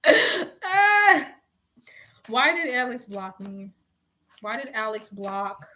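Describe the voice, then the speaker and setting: A woman's voice: mid-range voice, measured pace, bright, forceful tone, slight background noise. A young woman giving a casual, chatty tarot reading, swearing freely and talking to viewers like friends. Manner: chatty, profane, laughs a lot. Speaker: tarot reader.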